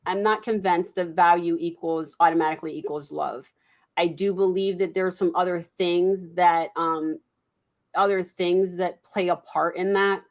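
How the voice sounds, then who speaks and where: A woman's voice: lowish voice, fairly even intonation, normal speed. A woman in a casual discussion who speaks directly and challenges what others say. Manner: direct, pushes back on claims.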